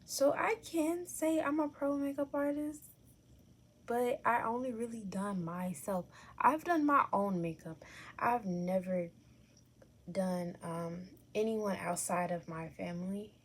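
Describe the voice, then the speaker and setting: A woman's voice: medium pitch, slow pace, husky. A young adult woman casually talking through a makeup tutorial at home, chatty and candid, correcting herself as she goes. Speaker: makeup vlogger.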